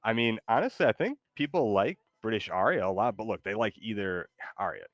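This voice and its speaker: A man streaming a game and chatting casually with an AI companion, loose and excitable, with rambling fillers. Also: lowish voice, brisk, no echo. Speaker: gaming streamer. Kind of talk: casual live commentary while playing.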